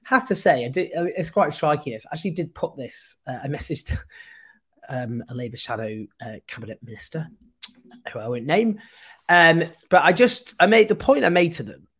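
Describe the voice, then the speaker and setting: A man hosting a political livestream, impassioned and sarcastic with quick asides. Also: a little high, big pitch swings, fairly bright tone, breathy edge. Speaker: host.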